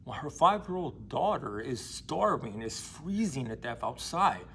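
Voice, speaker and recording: A man's voice: mid-range voice, big pitch swings, unhurried, creaky, fairly bright tone, a little hiss or hum. Young man, casual book vlogger, street-slang delivery, blunt and emphatic, swears freely. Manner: slangy, profane, emphatic storytelling. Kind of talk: casual retelling and commentary.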